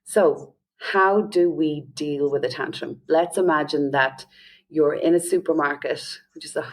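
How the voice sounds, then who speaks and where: A woman with an Irish accent, a parenting coach explaining advice in a lively podcast interview. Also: low-pitched, a little slow. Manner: lively, often acts out quoted parents and children.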